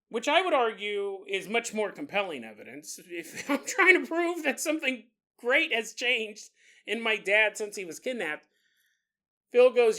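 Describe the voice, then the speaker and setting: A man hosting a podcast, telling a strange story in a joking, animated way and often laughing. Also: high voice, moderate pace. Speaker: podcast host. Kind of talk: comedic storytelling.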